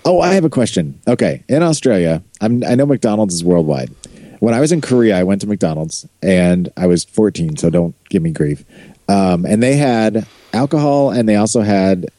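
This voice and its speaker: Animated American man, joking around. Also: on the low side, moderate pace, no room sound. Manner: animated, joking, asks lots of questions. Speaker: podcast co-host. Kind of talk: casual chat.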